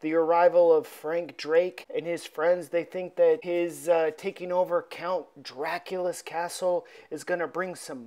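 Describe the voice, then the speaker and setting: A woman's voice: on the low side, a little mellow. A woman hosting a casual, chatty recap of an old comic book for her viewers. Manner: chatty, addresses viewers as folks. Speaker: host.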